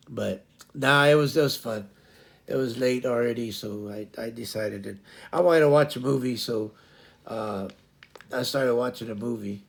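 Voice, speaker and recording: Gravelly-voiced man rambling through a story. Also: medium pitch. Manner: rambling, searching for words with many fillers; laughs while telling a funny story. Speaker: streamer host. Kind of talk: casual storytelling chat.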